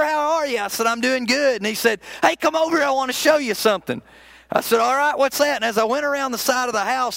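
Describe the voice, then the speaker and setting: High, gravelly-voiced preacher telling stories. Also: male voice, pushed and bright, no room sound. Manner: folksy, conversational storytelling with frequent restarts. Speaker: minister. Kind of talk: sermon with storytelling.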